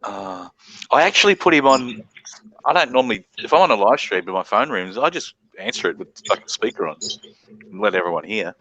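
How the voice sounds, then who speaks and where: A man's voice: fairly low pitch, lively intonation, a little fast, pushed and bright, highs cut off, a little hiss or hum. A man hosting a casual live-stream panel chat, telling profane stories and laughing as he talks. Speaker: panel host.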